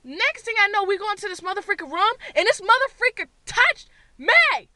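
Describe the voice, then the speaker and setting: A woman vlogger telling a story from her car, loud and full of swearing, acting out her own screams. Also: very high-pitched, very animated, a little fast, noisy background. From Boston area, USA. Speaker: beauty vlogger. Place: parked car.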